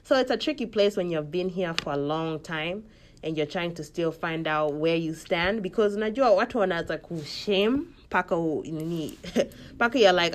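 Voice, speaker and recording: A woman's voice: on the low side, normal speed, slight background noise. A young woman with a Kenyan accent, talking candidly in a casual podcast monologue and switching freely between Swahili and English.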